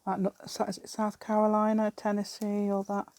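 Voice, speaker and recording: Her medium-pitched voice is monotone, fairly quick and a bit mellow, captured in a dry recording. A middle-aged Englishwoman, she chats in a wandering way over her craft project and laughs a lot.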